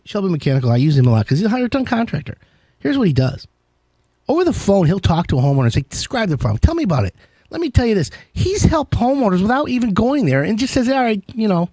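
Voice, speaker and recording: A man's voice: high-pitched, mellow, no echo, studio quality. A man hosting a live home-services call-in show, chatting casually with jokey, rambling asides. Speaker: radio show host. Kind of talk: casual call-in radio chat.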